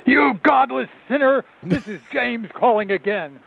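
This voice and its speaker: A man voicing an angry old male religious caller, raspy and preachy, over a phone line. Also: a little slow, fairly bright tone, dry recording, heavily acted. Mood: outraged. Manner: shrill, preachy, condemning.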